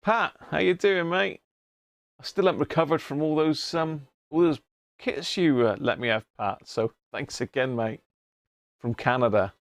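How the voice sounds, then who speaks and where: A man's voice: fairly high pitch, moderate pace, no echo. A man hosting a casual live stream about restoring an old radio, chatty and greeting viewers by name as he works.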